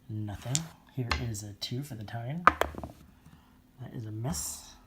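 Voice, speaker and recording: Man calmly walking through a board game turn. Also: mid-range voice, a little slow, heavy background noise. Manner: methodical, counting out moves aloud. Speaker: board game player narrating his turn. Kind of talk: casual tabletop game commentary.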